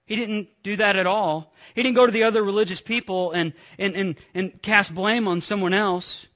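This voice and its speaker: A man's voice: sits high, steady tone, moderate pace, fairly bright tone. A middle-aged pastor preaching a sermon in a church, talking with his congregation through anecdotes and rhetorical questions. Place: church sanctuary.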